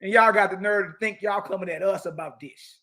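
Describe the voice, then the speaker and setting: A man's voice: high voice, brisk, sharp tone. A man teaching scripture in a heated lecture, mocking and confrontational, with slangy asides and repeated key phrases. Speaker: religious teacher.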